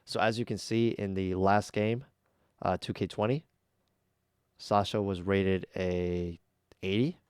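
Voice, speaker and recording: A man's voice: low voice, fairly even intonation, slow, pauses often, smooth, no echo, clean studio sound. A man hosting a casual reaction video, giving blunt, chatty opinions with plenty of ums and uhs. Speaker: YouTube reaction host.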